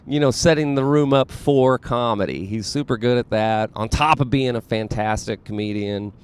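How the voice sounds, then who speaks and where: Casual male comedian host, Southern US accent, mid-pitched, clean and smooth, loose and self-mocking. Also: moderate pace. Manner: rambling, self-deprecating, many fillers.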